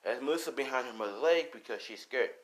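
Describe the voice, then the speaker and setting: A man's voice: mid-range voice, lively intonation, quick pace, a bit bright, low-quality recording. A man casually retelling a fan-made story, rambling, with fillers and swearing. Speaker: channel host.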